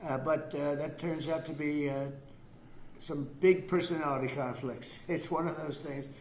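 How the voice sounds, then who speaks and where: A man's voice: fairly high pitch, steady tone, normal speed, a little mellow. An older man giving rambling, boastful off-the-cuff remarks to the press, repeating himself. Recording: echoey room with faint noise.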